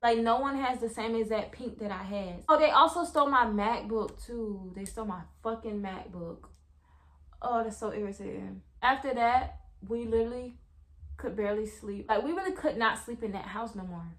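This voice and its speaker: A young woman, casually telling viewers a story in a vlog, animated, full of slang and swearing. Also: fairly high pitch, moderate pace. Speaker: vlogger.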